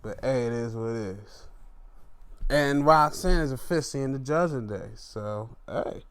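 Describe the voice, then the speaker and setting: A young man hosting a casual solo podcast, recapping wrestling in an animated, profane way with laughs and sudden outbursts. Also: mid-range voice, a little slow, clear, resonant tone. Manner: animated, profane, laughs and swings between loud outbursts and mumbling asides. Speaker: podcast host.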